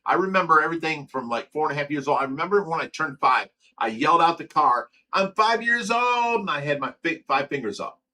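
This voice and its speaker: A man's voice: fairly high pitch, fast, pushed and bright, rough recording. An older man and grandfather hosting a casual livestream, chatting loosely and reading viewer comments aloud with frequent laughs. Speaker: livestream host.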